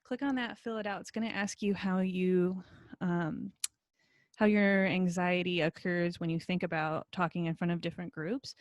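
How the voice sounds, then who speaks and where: A woman instructor talks through a recorded video lesson from her computer. Her delivery is friendly and encouraging, with plenty of relaxed fillers. The sound is close and dry. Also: on the low side, dry recording. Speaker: college instructor.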